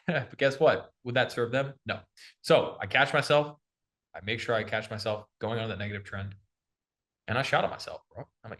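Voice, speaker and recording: A young man coaching on sales in an energetic, slangy casual chat, calling the listener bro. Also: lowish voice, normal speed.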